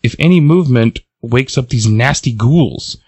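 A man's voice: medium pitch, lively intonation, moderate pace, a little mellow, husky, no room sound, voice pushed up. A man voicing a reckless young woman with explosive powers, cocky and impatient. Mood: scheming.

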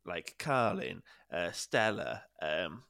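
A young man, chatting casually on a podcast. His voice sits a little low and he laughs often, wandering through his points with plenty of fillers and restarts. The sound is dry and close to the mic. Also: animated, slow, vocal fry, bright, forceful tone, clean tone, no echo. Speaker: podcast co-host. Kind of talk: casual chat.

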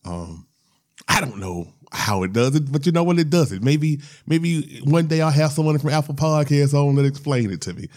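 A man's voice: a little high, lively intonation, moderate pace, a little mellow. A man hosting his own podcast, talking casually and rambling with lots of fillers after a weekend of drinking wine. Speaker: podcast host.

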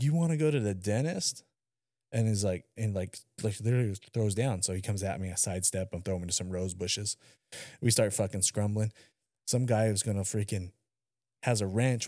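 A man's voice: on the low side, dry recording, studio quality. A young adult man co-hosting a podcast, telling rowdy stories in casual chat, swearing and acting out what people said. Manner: animated storyteller, swearing, acting out quotes. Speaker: podcast co-host.

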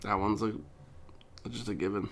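A young woman co-hosting a casual podcast chat, laughing often and bursting into loud, high voices when she quotes things. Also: fairly even intonation, normal speed, soft background music. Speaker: podcast co-host.

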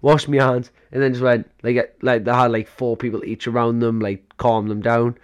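A man's voice: mid-range voice, flat delivery, normal speed, smooth, dull audio. A young man co-hosting a podcast, telling long stories in a casual chat and acting out what others said, laughing often. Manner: rambling storyteller, acts out quotes, laughs often. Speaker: podcast co-host.

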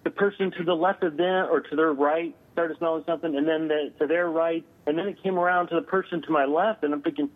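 A man, a guest on an interview, telling a story over the phone, halting with many filler sounds. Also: on the high side, steady tone. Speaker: guest paranormal investigator. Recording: tinny phone line.

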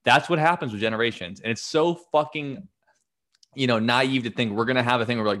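Animated, swearing man in his late 20s. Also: mid-range voice, fairly quick. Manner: animated, emphatic, heavy swearing, acts out quotes. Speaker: podcast co-host. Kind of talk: casual chat.

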